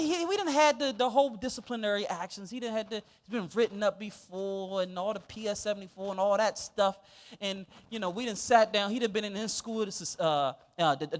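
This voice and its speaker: A male pastor telling a story in a sermon, animated and laughing as he goes. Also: sits high, a little fast.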